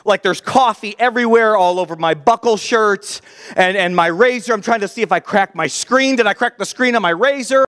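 A pastor in his thirties tells a sermon story with animated, self-mocking energy. His voice sits a little high for a man. The sound carries the long reverb of a large church hall. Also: moderate pace, clear, resonant tone.

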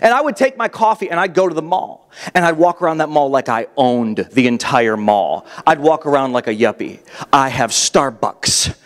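A pastor in his thirties tells a sermon story with animated, self-mocking energy. His voice sits a little high for a man. The sound carries the long reverb of a large church hall. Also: fairly quick.

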